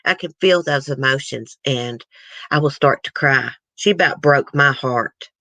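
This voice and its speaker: A woman's voice: extremely low pitch, a little slow, sharp tone, dry recording. A woman, hosting a casual, emotional chat and talking straight to her viewers. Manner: emotional, chatty, addresses viewers. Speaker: host. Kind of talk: casual chat reacting to news clips.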